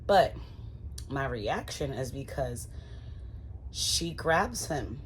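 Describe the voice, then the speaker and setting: Woman vlogger with a deep voice, chatty casual recap delivered straight to viewers. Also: expressive, very slow, slight background noise. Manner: chatty, addresses viewers as y'all.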